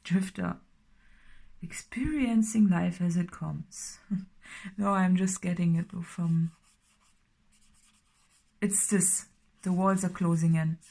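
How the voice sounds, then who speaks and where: A woman with a somewhat low voice gives a casual tarot reading. She rambles, fills pauses with "you know" and "uh", and now and then drops to a soft whisper. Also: steady tone, creaky. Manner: rambling, many fillers, slips into soft whispers. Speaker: tarot reader.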